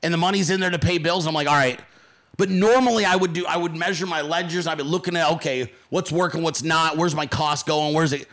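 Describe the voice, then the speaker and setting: A man's voice: a little high, fairly quick, fairly bright tone. A man hosting his podcast, delivering a heated political rant full of profanity and emphatic repetition. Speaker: podcast host.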